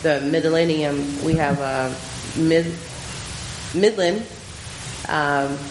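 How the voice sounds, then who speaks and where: A low-pitched woman speaks as a missionary sharing her testimony before a slideshow. She tells the story with animation and acts out the voices of the people in it, in a warm, informal way. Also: drawn-out words, noisy background. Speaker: missionary giving a slideshow talk.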